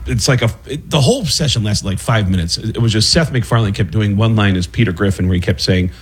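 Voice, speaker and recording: A man, a comedian known for voices, chatting as a guest and telling animated stories about his work. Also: lowish voice, fast talker, slightly rough. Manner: animated storyteller who slips into impressions. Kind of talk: casual radio interview chat.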